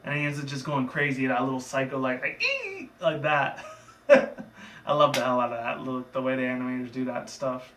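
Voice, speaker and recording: A man's voice: mid-range voice, flat delivery, moderate pace, fairly bright tone, far from the mic, a little hiss or hum. A man casually recapping a cartoon episode in a rambling, loose way, with profane asides. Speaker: reviewer. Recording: echoey room, away from the mic.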